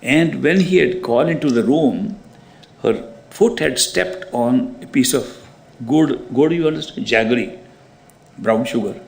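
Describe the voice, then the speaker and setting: A man giving a spiritual talk, telling stories in an animated way. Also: mid-range voice, measured pace, creaky. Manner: animated storyteller, acts out quoted voices. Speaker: spiritual teacher. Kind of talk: spiritual discourse with storytelling.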